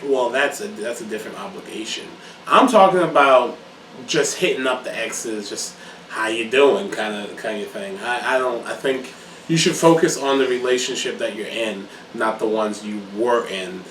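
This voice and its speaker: A man's voice: medium pitch, normal speed, fairly bright tone, recorded from a distance. A young man hosting a casual vlog chat, teasing and emphatic as he argues his points, laughing often. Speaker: vlog host. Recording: echoey room, mic set back, faint hiss.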